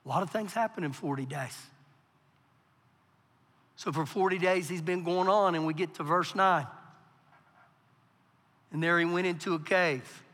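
High, bright-voiced preaching man. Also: a little slow, long pauses. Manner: preaching with big swings from quiet to loud. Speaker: pastor. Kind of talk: sermon. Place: church hall. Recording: live church hall with long reverb.

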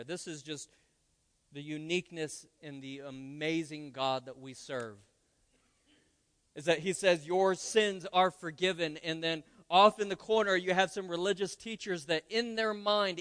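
High-voiced pastor preaching in a reverberant hall. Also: male voice. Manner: lively, conversational preaching with playful asides. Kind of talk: sermon. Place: church sanctuary. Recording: long church hall reverb.

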